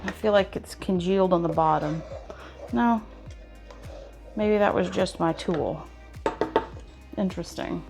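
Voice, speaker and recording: Music plays in the background as a home cooking vlogger, stirring away, chats folksily with her viewers in a casual demonstration. Her fairly low, gravelly voice is unhurried, broken by long pauses.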